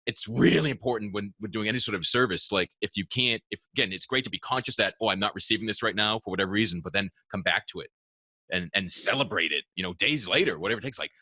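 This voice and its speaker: A man hosting a casual podcast conversation, playful and animated. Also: on the low side, slightly rough, no echo. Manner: animated, playful, quick to laugh. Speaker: podcast host.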